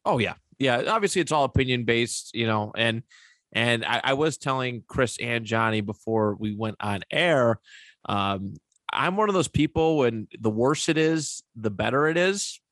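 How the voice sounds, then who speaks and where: Easygoing male co-host, mid-pitched voice, dry close mic. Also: lively intonation, moderate pace, a bit bright, no room sound. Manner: easygoing, agreeable, with fillers. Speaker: podcast co-host. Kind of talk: casual wrestling podcast chat.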